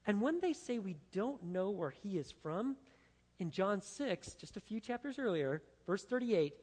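A man's voice: high-pitched, very animated, unhurried, darkish tone, long reverb tail. A man preaching an expository sermon in an emphatic, dramatic way. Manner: emphatic, dramatic, acts out the quotes. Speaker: pastor.

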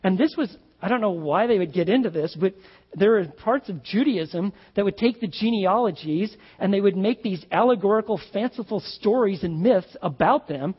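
A man's voice: high-pitched, animated, moderate pace, slightly rough. A male pastor preaching a sermon in a conversational, emphatic way, with asides to the congregation. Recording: dull lo-fi sound in a reverberant hall.

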